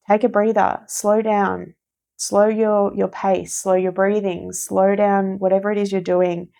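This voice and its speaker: A woman giving a casual spoken tarot reading, gentle and encouraging, who repeats phrases for emphasis. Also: medium pitch, creaky. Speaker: tarot reader.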